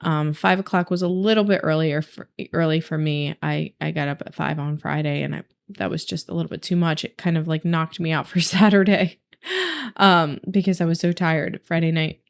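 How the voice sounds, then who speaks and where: A young woman speaks in a casual, earnest vlog, reflecting on her meditation practice. Her voice sits on the low side and sounds smooth and clear. She fills pauses with ums and likes. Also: fairly even intonation. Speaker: vlogger sharing a meditation journey.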